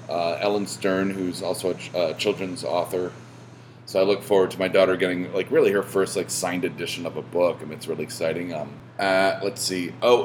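A man hosting a podcast, talking casually in a rambling way, full of fillers and restarts and swearing when he gets animated. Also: sits low, a little hiss or hum. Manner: rambling, self-interrupting with many fillers and restarts. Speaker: podcast host.

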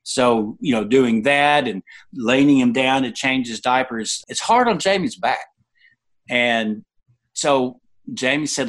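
A man's voice: medium pitch, slow, a bit bright. A man around sixty, an interview guest, telling personal stories conversationally and acting out quoted people with sudden jumps in his voice.

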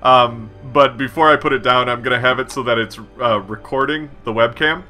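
A man at a tabletop game who talks through his character's moves with an animated, bright voice. He speaks in the first person and walks step by step through what he does. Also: mid-range voice, brisk, faint music behind. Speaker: player. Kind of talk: tabletop role-play.

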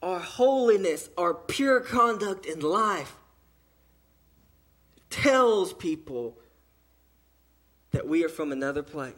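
A man with a Southern American accent preaching a sermon in church, with emphatic pauses. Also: high-pitched, animated, a bit bright. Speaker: pastor. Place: church during an evening service.

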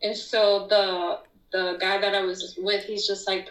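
Animated woman telling a story, roomy sound. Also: normal speed, recorded from a distance. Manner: animated, acts out quotes with sharp high-pitched outbursts. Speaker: guest. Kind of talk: casual storytelling.

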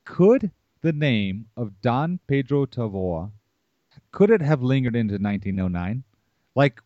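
A man's voice: medium pitch, warm tone, no echo, dull audio. A man hosting a casual podcast chat, musing aloud and throwing questions at his co-host in a loose, conversational way.

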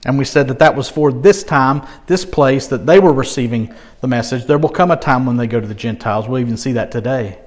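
A man preaching a sermon, expressive, asking rhetorical questions and swinging from quiet asides to emphatic peaks. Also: fairly quick. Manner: expressive, rising to emphatic peaks and dropping low. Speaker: pastor.

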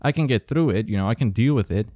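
A man's voice: fairly low pitch, lively intonation, fast talker, warm tone, dry recording. Man, podcast host, sarcastic profane rant, grumpy, dry close sound.

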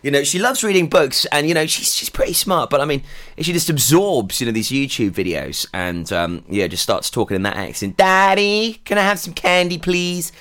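A man's voice: medium pitch, brisk, fairly bright tone. A man hosting a radio breakfast show, chatting casually and rambling between songs with jokey asides.

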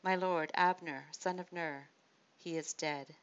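Urgent male messenger in an audiobook, as a woman reader plays him; low voice, dull lo-fi sound. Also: fairly even intonation, a little slow, smooth. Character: urgent male messenger bringing grim news.

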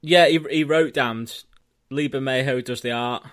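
A man's voice: medium pitch, a little slow, a bit bright. A man co-hosting a podcast, chatting in a laid-back way and swearing casually. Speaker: podcast co-host. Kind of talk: casual chat.

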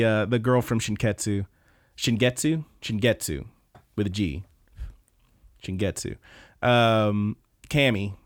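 A man co-hosting a podcast, chatting loosely as he walks through anime episodes. His voice is smooth and resonant, and his delivery rambles, full of fillers, jokes and swearing. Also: mid-range voice. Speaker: podcast co-host. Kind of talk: casual chat recapping anime episodes.

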